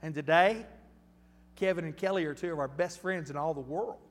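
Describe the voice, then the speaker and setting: A man in his fifties preaching a storytelling sermon, folksy and animated, with frequent restarts. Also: on the high side, a little fast, big-room sound. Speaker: pastor.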